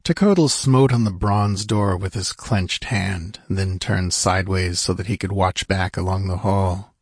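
A man reading an adventure novel aloud as audiobook narrator, measured and even. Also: sits low, breathy edge, no room sound, studio quality. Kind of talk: scripted narration.

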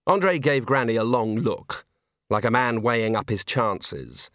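Wry expressive male audiobook narrator. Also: medium pitch, a little slow, dry recording, studio quality. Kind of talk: storybook narration.

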